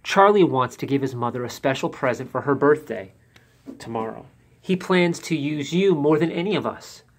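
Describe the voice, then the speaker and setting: A man's voice: mid-range voice, expressive, moderate pace. A man voicing little I, a small helpful letter who shares a secret. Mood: confiding.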